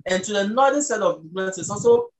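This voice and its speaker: A speaker from Ghana, patiently explaining the language as an interview guest and slowing down to sound out words. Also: mid-range voice, lively intonation, rough recording. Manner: teacherly, slows down to sound out words.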